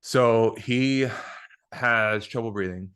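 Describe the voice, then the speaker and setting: Indoors with a guest, sharing a single microphone, a podcast host recounts a personal story frankly and casually, full of swearing and filler words. His mid-range voice is fairly bright, clear and resonant, and he takes his time.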